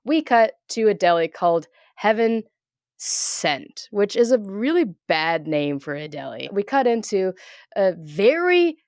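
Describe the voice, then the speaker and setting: A woman's voice: medium pitch, big pitch swings, a little slow, darkish tone, no echo. A woman co-hosting a podcast, recapping a movie plot in order with dry asides. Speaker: podcast co-host. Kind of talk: casual movie recap chat.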